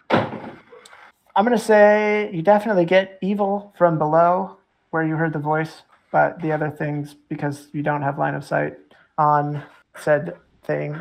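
Gravelly-voiced, halting game master. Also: medium pitch, a little mellow, low-quality recording. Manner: halting, lots of fillers. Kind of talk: narrating a tabletop game.

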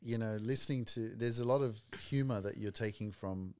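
A man's voice: lowish voice, fairly quick, a little mellow, no room sound. A man hosting a casual podcast interview, speaking earnestly and addressing listeners directly. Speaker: podcast host.

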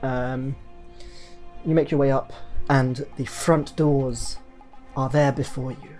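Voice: medium pitch, takes it slowly. Laid-back game master, faint music. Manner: relaxed, laughing, explains rules in detail. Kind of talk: narrating a tabletop game.

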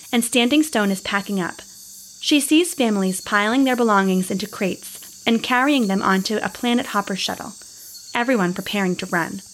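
A woman narrating a scripted space adventure story in a steady, descriptive way. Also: medium pitch, slight background noise.

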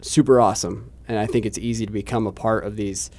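A man's voice: on the low side, steady tone, fast talker, mellow. A man, a TV news reporter, chatting casually and telling a self-deprecating story with many restarts. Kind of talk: casual chat, telling an anecdote.

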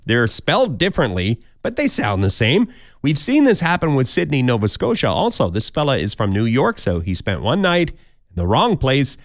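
A man's voice: medium pitch, huge pitch swings, normal speed, no echo, clean studio sound. A man hosting a podcast countdown of odd news stories, with jokey, wry asides. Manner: jokey, wry asides, mock quoted voices. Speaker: podcast host.

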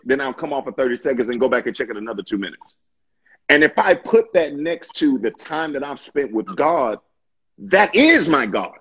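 A man in a casual faith discussion, talking in an impassioned, preachy way with stammering restarts and a husky voice. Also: on the high side, muffled recording.

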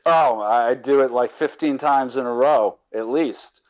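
A man's voice: medium pitch, unhurried. Rambling man on a dull line. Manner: rambling, restarts a lot. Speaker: caller and guest. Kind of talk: casual podcast interview.

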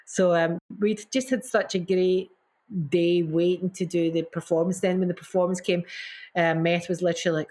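Talking a little fast in a lowish voice, this middle-aged singer gushes through stories during an interview. She repeats herself and performs quotes with gasps and mimicry, keeping the storytelling casual.

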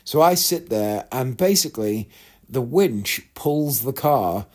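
He talks slowly yet animatedly, his medium-pitched voice carrying a darkish tone. As a vlogger he relates a long, candid story in a chatty, meandering way, adding asides and mimicking what others said.

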